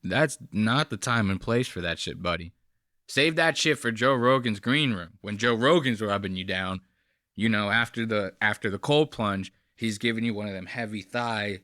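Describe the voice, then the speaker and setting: A man's voice: lowish voice, moderate pace, pushed and bright, dry recording, clean studio sound. A man hosting a reaction channel, giving profane, mocking casual commentary on a clip.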